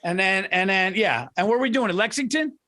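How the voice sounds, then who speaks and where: A man with a New York accent co-hosting a casual podcast chat, excitable and rambling, often repeating himself as he builds an idea. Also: high-pitched, fairly quick. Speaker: podcast co-host.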